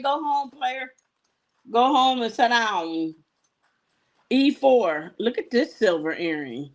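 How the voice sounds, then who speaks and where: Sassy, chatty woman host, slightly high voice. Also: poor audio. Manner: sassy, chatty storytelling with asides to viewers. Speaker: host selling jewelry on a live show. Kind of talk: casual live-stream chat.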